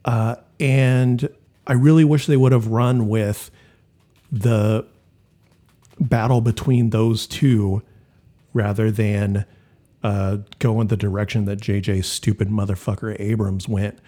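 A man's voice: on the low side, steady tone, slow pace, warm tone. A man chatting casually about movies on a podcast, blunt and profane, with a mocking edge. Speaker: podcast co-host. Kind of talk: casual chat.

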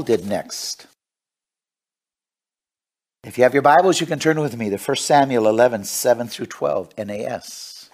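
A male preacher giving a radio sermon and reading scripture aloud, swinging from hushed asides to loud, fervent preaching. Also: medium pitch, a little slow, long pauses.

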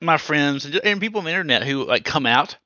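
A man co-hosting a casual podcast, swearing freely and restarting his sentences. His voice is bright and forceful and sits a little high. The recording is dry and somewhat dull. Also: quick pace, no echo. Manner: animated, swearing, many restarts. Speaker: podcast co-host. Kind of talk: casual chat.

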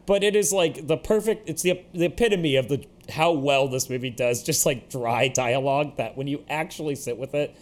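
A man's voice: mid-range voice, moderate pace, few pauses. A man co-hosting a casual podcast who laughs often while recounting favorite movie quotes. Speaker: podcast co-host. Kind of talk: casual film discussion.

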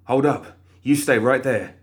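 A man voicing a nervous, gruff male guild guard, blunt and jumpy in a storybook reading. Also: on the low side, animated, measured pace. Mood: alarmed.

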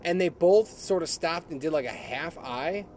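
A man's voice: fairly high pitch, animated, moderate pace, a little mellow, a little hiss or hum. A middle-aged man telling a story in casual chat, laughing often and mimicking other people's voices. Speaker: podcast co-host.

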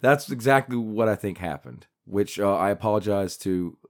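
A man's voice: lowish voice, moderate pace. Rambling man hosting a podcast. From Southern United States. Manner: rambling, hesitant, self-deprecating. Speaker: podcast co-host. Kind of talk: casual chat.

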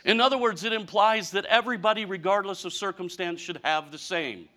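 A man in his fifties, a pastor preaching a humorous sermon with animated, mock-whining storytelling and folksy speech. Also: high-pitched, fairly quick. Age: 50s.

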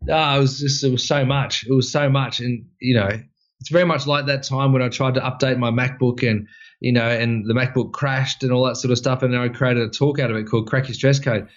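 Man, podcast co-host, animated rambling stories, muffled recording. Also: medium pitch, brisk. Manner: rambling storyteller with fillers, animated re-enactments. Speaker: podcast co-host, wellness expert. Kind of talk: casual podcast chat.

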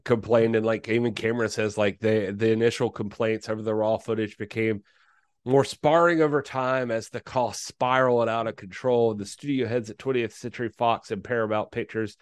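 A man's voice: fairly low pitch, fairly even intonation, normal speed, clear, resonant tone, no echo, studio quality. A man co-hosting a podcast, talking in a rambling, hesitant way with casual swearing. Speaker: podcast co-host. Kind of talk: casual film chat.

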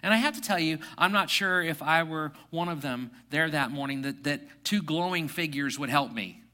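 A middle-aged man preaching with a bright, ringing tone, his voice sitting a little high for a man. He pushes into emphatic, repeated phrases, then sinks into quiet, reflective stretches. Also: normal speed. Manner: drops to soft, hushed reflection. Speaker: pastor. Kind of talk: sermon.

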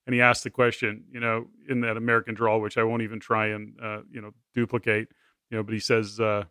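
A man with a bright, forceful voice hosts a podcast in long, winding turns that loop back and restart. He sounds close and dry, with no room around him. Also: fairly low pitch, little pitch movement, brisk, clean tone, no echo. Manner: rambling, with many restarts. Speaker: podcast host. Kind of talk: conversational podcast interviewing.

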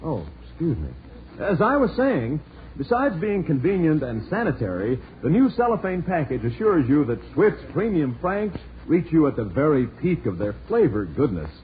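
An eager, smooth-talking salesman pitches with a bright, lively sing-song. His voice is tinny and phone-like, with faint hiss behind it. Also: normal speed. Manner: eager and persuasive. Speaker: announcer in an ad. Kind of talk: 1940s radio ad acting. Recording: tinny old radio broadcast with hiss.

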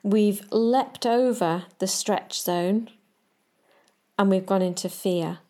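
A woman riding coach giving calm, measured advice straight to the listener in a podcast talk. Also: medium pitch.

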